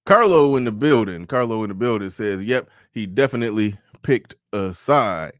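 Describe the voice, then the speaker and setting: A man's voice: on the low side, lively intonation, moderate pace. A man hosting a casual livestream, commenting emphatically, repeating phrases and stumbling on restarts as he reads out super chats.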